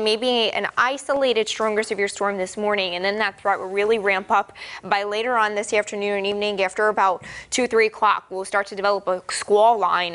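A woman meteorologist giving a steady, informative broadcast weather forecast. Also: medium pitch.

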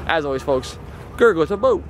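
A man's voice: on the high side, expressive, a little fast, over music. A man vlogging from his car, ranting in an aggravated way about a dispute. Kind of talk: ranting vlog while driving. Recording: noisy street traffic behind.

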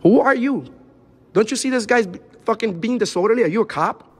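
Brief: aggressive, fast-talking man, high voice, heated confrontation on a camera mic. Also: breathy edge. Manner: loud, aggressive, repetitive demands, swearing. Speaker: confrontational auditor filming in a building.

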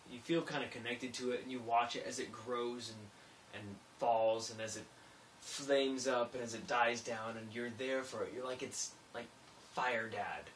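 A young man vlogging casually, rambling and self-mocking, swinging between low mumbles and sudden loud bursts. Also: a little hiss or hum. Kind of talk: casual vlog monologue. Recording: roomy echo, a bit distant from mic.

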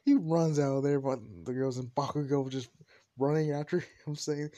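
A man's voice: on the high side, fairly even intonation, normal speed, warm tone, no echo. A young man telling a fan fiction story casually, rambling and joking with many fillers.

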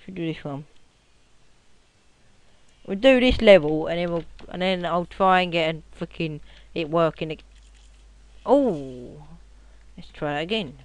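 A young man giving casual gameplay commentary at his computer, rowdy and swearing, often yelling at the game. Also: a little high, lively intonation, measured pace, long pauses. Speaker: gaming commentator.

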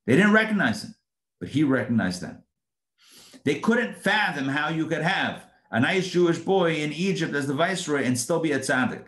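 Animated man teaching scripture, roomy echo. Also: a little high, moderate pace. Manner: animated, conversational, acts out quotes. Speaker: rabbi teaching a weekly Torah class. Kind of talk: informal live Torah lesson.

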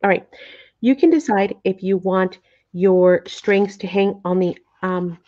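A middle-aged craft tutorial host speaks live in a mellow, mid-range voice at a measured pace. Chatty and a touch flustered, she often checks in with her viewers and sounds apologetic, unsettled by the camera framing. The audio is dull lo-fi.

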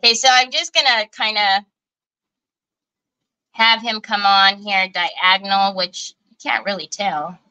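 Slow-talking bright woman. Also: mid-range voice, clear, resonant tone, dull audio. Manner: chatty, folksy exclamations, talks to viewers. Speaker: craft show host. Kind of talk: casual livestream craft chat.

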